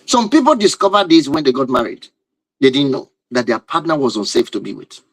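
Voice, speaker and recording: A man's voice: mid-range voice, very animated, brisk, dry recording, poor audio. A man speaking as a relationship teacher who addresses his viewers in an emphatic, repetitive lecture and often asks rhetorical questions. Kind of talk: lecture-style talk to viewers.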